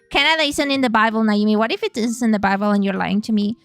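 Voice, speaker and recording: Chatty streamer woman with a smooth voice. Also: mid-range voice, fast, hardly any pauses, a bit bright, faint music behind. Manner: playful, chatty, swears freely. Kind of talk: casual live-stream chat.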